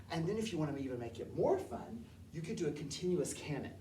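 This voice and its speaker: A woman's voice: deep voice, animated, fairly quick, warm tone, slight background noise. A woman who teaches elementary music, leading a movement lesson and singing scale notes and counts aloud. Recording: echoey room heard from a distance.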